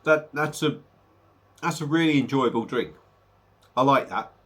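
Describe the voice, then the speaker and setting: A man chats his way through a home beer review. He rambles a bit, stops and restarts, and sounds slightly under the weather. His voice sits at an ordinary middle pitch. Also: measured pace, a bit bright. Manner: rambling, chatty, hesitant fillers. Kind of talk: casual beer review vlog.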